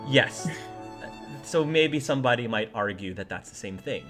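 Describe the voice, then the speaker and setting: A man running a tabletop game as game master, explaining the setting in an animated way with laughing asides. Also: medium pitch, normal speed, music in the background.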